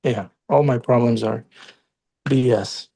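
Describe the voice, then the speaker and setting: A man's voice: mid-range voice, a little slow, gravelly, dark tone. A man hosting a class speaks in an easygoing, humorous way. He hesitates now and then. His voice sits in a middle range. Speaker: class moderator. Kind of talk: casual chat.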